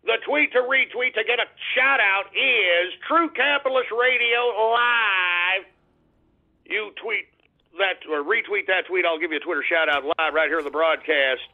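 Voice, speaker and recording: A Texan man hosting a call-in internet radio show, ranting abrasively, cursing and yelling at trolls. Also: sits high, fairly quick, few pauses. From Texas. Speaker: radio talk show host. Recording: tinny phone-like internet radio audio.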